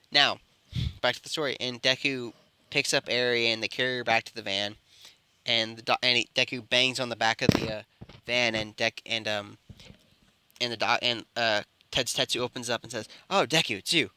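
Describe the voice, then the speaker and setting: A man's voice: medium pitch, level tone, normal speed, bright, forceful tone, clear, resonant tone, dry recording. A man improvising a fan-fiction story, rambling and often correcting himself. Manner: rambling, with frequent self-corrections. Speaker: storyteller and channel host.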